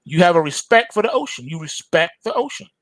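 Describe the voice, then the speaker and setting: High-voiced man lecturing on trading. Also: big pitch swings, fairly quick, no echo. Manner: emphatic, preachy, slangy and repetitive. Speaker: trading show host. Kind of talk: market commentary monologue.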